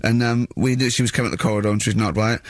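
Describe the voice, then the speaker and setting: A man hosting a radio chat show, telling stories in an animated way and laughing often. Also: on the low side, racing, no room sound. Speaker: radio host. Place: radio studio.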